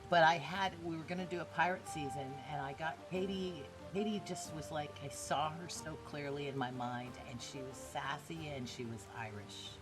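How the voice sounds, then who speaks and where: A woman with a very low voice chats on a podcast about roleplay. She tells her stories bluntly and with a lot of energy, swearing freely. Music plays clearly behind her. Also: normal speed, few pauses. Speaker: roleplay streamer. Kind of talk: casual podcast chat.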